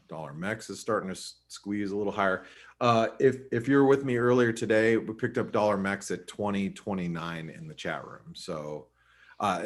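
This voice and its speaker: A man giving a casual live webinar on currency charts, chatty and full of restarts. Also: sits low. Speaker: forex market analyst.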